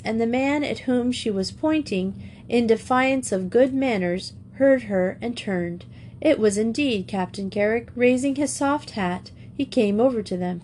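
A woman reading a classic children's novel aloud in a steady, clear storytelling manner. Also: a little high, a little slow, a little hiss or hum. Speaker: audiobook reader.

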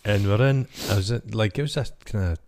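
A Scottish man with a fairly low voice spins dry, deadpan anecdotes in relaxed podcast banter. His delivery is wry and unhurried, with a storyteller's knack for asides. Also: slight background noise. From Scotland. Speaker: podcast co-host. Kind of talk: casual comedic chat.

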